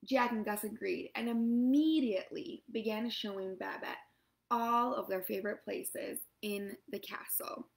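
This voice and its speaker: A woman reading a storybook aloud to children, lively and expressive. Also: mid-range voice, unhurried, creaky, poor audio.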